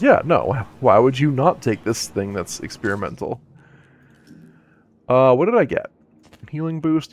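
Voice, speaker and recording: A man's voice: medium pitch, gravelly, a little mellow. Playful male game streamer. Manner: playful, jokey, talks to the game. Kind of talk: live game commentary.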